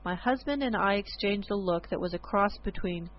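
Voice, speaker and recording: A woman reading a first-person story aloud in a measured, expressive way. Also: mid-range voice, highs cut off.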